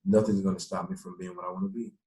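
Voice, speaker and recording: A man, a former pro football player, telling animated stories in an interview and acting out the people he quotes. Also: deep voice, rapid-fire. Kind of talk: interview storytelling. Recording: echoey room.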